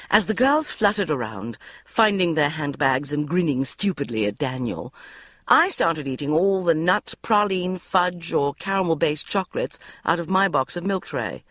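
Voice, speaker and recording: Lively comic audiobook narrator. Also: mid-range voice, moderate pace, dry recording, clean studio sound. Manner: wry, comic storytelling. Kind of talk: first-person audiobook narration.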